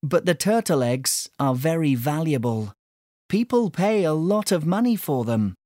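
A woman voicing an eager young island girl, raised in pitch, lively and animated, in a slow storybook reading. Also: no room sound, clean studio sound. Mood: explaining.

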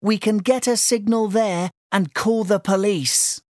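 A woman's voice: mid-range voice, measured pace, darkish tone, no echo, studio quality, voice pushed up, lightly acted. A woman doing an eager young island girl. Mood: urgent.

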